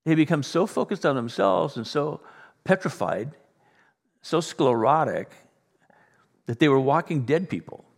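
Guy pastor giving a sermon, lively, does little voices, long reverb like a big church. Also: on the high side, a little slow, gravelly, pauses often. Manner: animated, acts out voices of others. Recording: long reverb in a large room.

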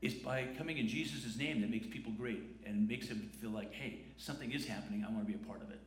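In an echoey church sanctuary, a male pastor delivers a conversational sermon peppered with rhetorical questions. His voice is lowish, and he talks fast.

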